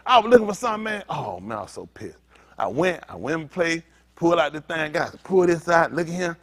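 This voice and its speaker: A man's voice: on the high side, lively intonation, fairly quick. A man preaching a sermon as pastor, talking straight to his congregation in a joking, conversational way. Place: synagogue congregation.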